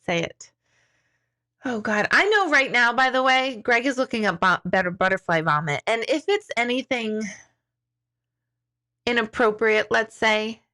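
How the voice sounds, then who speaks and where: A woman hosting a casual live stream, chatting with viewers in a giggly, self-mocking, animated way. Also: mid-range voice.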